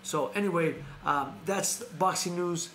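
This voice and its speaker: A man hosting a casual boxing news chat, his voice sitting a little high for a man, and he wanders off on tangents, restarts his sentences and laughs as he goes. He is recorded in an echoey room with a faint hum of ambience behind him. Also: a little slow, fairly bright tone. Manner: rambling, self-correcting, laughs often. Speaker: host.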